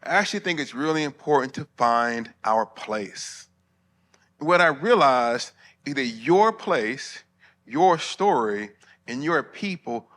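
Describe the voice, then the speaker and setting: A man's voice: fairly high pitch, a bit bright. A middle-aged man preaching at a conference, conversational and humorous, with asides to the audience. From Alabama, US. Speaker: preacher and theologian. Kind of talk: conference sermon. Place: conference hall before pastors.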